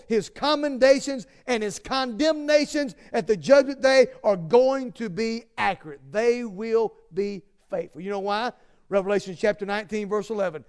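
Male preacher, high and clear voice, earnest sermon delivery that swings from forceful to hushed. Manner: earnest, emphatic, repeats phrases, swings from loud to hushed.

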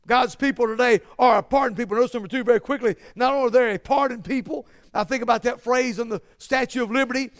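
A man preaching a sermon, with many restarts and a repeated cadence that climbs to shouted emphasis. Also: very high voice. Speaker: pastor.

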